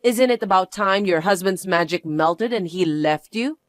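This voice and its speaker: A woman's voice: medium pitch, moderate pace, no room sound, clean studio sound, natural voice. A woman voicing a bratty, boastful young stepsister who talks in a haughty, taunting, demanding way. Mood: mocking. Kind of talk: dramatized story acting.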